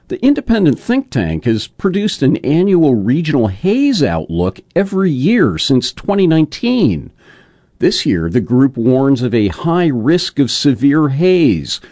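A male news reporter reads a scripted segment, his pitch swinging widely from high to low on nearly every phrase. The sound is dry and close, with no room around it. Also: no echo. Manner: lively, sweeping newsreader delivery.

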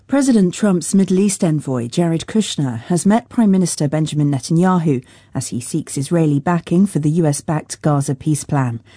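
A woman reading a radio news bulletin in a measured, formal studio delivery. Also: low voice, mellow, slightly rough, no echo. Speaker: newsreader. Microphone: studio microphone.

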